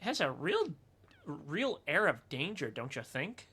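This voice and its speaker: A man's voice: on the high side, sing-song, a little slow, pushed and bright, husky. A man streaming a game, chatting casually and joking, with lots of filler words. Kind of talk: game commentary.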